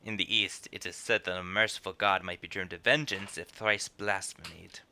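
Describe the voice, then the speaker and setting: A man's voice: deep voice, fairly even intonation, moderate pace, gravelly, sharp tone, exaggerated voice. A man doing a cold, menacing enforcer.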